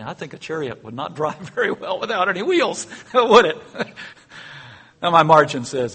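A man delivering a sermon, reading scripture and acting out the story with growing excitement. His voice is husky and sits a little high, and he chuckles often between casual asides. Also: a little slow, pauses often. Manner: reads scripture aloud and dramatizes it with rising excitement, chuckling often; conversational, asides with fillers and self-corrections. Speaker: preacher. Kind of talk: sermon, Bible teaching.

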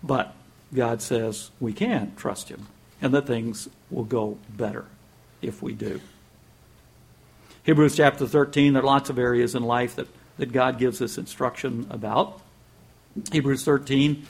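A man's voice: medium pitch, fairly even intonation, unhurried, long pauses, darkish tone, slightly rough. A man preaching a sermon in a conversational way, telling a joke, chuckling and repeating words as he goes.

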